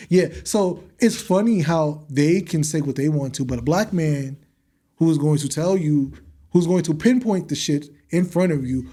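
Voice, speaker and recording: A man's voice: on the high side, dark tone. A young man hosting a podcast, speaking in a blunt, heated and profane monologue with emphatic repetition. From United States. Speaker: podcast host.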